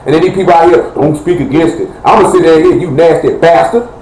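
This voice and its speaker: A man's voice: fairly high pitch, fast talker, a little mellow. A man preaching a fiery live-streamed sermon in a heated, blunt and rambling colloquial way. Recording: echoey room with faint noise.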